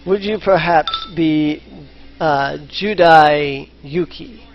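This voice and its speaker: A man plays a courteous, formal paladin messenger, speaking slowly in a fairly high voice. The audio is slightly muffled, like an online voice chat.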